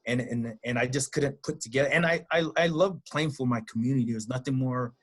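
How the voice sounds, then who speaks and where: A man's voice: mid-range voice, brisk, a bit bright. A man hosting an interview, himself a coach, talking reflectively and restarting his sentences as he thinks. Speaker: interview host and football coach. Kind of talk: casual interview conversation.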